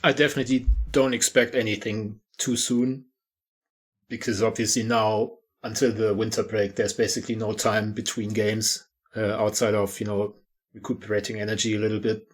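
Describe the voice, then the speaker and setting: A man co-hosting a podcast in casual discussion, explaining things in a measured way. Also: lowish voice, flat delivery, breathy edge. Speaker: podcast co-host.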